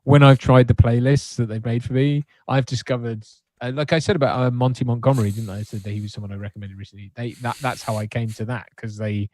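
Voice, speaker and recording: A man's voice: mid-range voice, fairly even intonation, fast, hardly any pauses, darkish tone, dry recording. Easygoing man in casual chat. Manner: easygoing, swears, lots of restarts. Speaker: watch party co-host.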